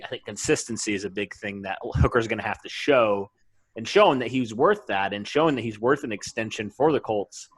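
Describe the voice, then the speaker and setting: A man guesting on a sports podcast, giving a steady analysis with some fillers. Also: mid-range voice, a little fast. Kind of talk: casual sports podcast talk.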